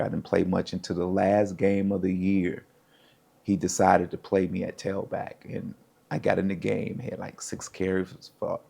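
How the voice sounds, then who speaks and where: Deep, creaky and husky, this middle-aged man from the United States, once a professional football player, spins casual tales about his life. He animates them by performing the voices of the characters involved.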